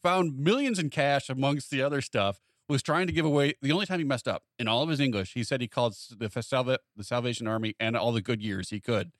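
Speaking quickly with few pauses, a man with a mid-range voice tells a story while co-hosting a podcast. He's an animated storyteller who performs the quoted voices of the characters, and the audio is dry and studio quality.

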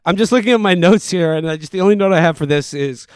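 A man's voice: high voice, quick pace, clean tone, no room sound, studio quality. Chatty man, rambling film talk. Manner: rambling, many fillers, laughs often. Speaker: podcast host. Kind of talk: casual film discussion.

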